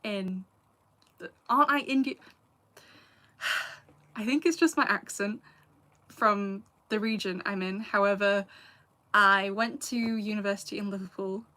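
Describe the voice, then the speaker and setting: Medium in pitch and a touch slow, her delivery has long pauses and a bright, forceful tone. She's an English woman in her late twenties whose Lancashire accent leans slightly Scouse. Answering her live chat as a YouTuber, she keeps things casual, laughs a lot and drops in asides.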